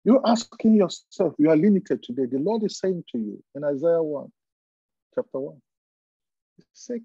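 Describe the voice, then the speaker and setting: A man preaching a sermon as pastor, fervent, with repeated phrases and emphatic pauses. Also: fairly high pitch, very animated, creaky, warm tone, slightly rough, no room sound, muffled recording.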